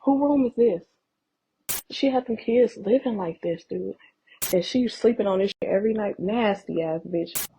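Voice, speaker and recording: A woman filming a house walk-through on her phone, her voice at a middle pitch with a faint hiss of noise behind it. Her remarks to viewers are shocked and full of cursing, and some of them drop to a whisper. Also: moderate pace, mellow, poor audio. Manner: shocked, profane, partly whispered, talking to viewers. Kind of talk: narrated home walk-through video. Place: inside a house.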